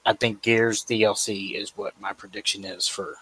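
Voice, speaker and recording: Bright-voiced eager male podcast co-host. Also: on the low side, level tone, moderate pace, husky, no room sound. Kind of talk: casual podcast chat.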